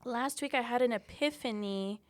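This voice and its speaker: A woman's voice: a little high, moderate pace, no echo. A woman in her twenties, a guest in a casual chat, who talks in a chatty, upbeat way with many "like" fillers. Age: 20s.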